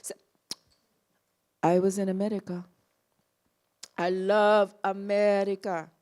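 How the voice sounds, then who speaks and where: A woman guest at a film Q&A, telling an animated anecdote and acting out the people in it. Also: medium pitch, slow pace. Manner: lively storyteller who acts out the people in her story.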